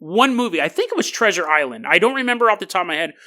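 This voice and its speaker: Animated, joking podcast host. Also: mid-range voice. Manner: animated, joking, with quick restarts. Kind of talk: casual monologue on conspiracy lore.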